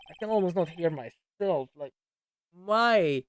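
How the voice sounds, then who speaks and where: A man streaming a game, making quiet, rambling casual asides between reading lines. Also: high voice, expressive, a little slow. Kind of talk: casual gameplay commentary.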